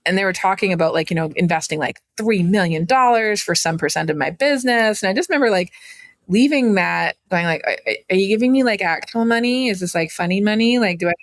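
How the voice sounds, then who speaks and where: A woman in her thirties from Canada, telling her story in a chatty, animated way as a guest on an interview podcast. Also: fairly low pitch, fairly quick, no room sound. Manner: animated, chatty, acts out quoted voices. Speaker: guest entrepreneur.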